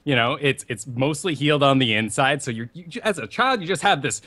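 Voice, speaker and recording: Lively bright-voiced young man. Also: medium pitch, brisk. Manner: animated, rambling storyteller. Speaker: podcast co-host. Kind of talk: casual podcast chat.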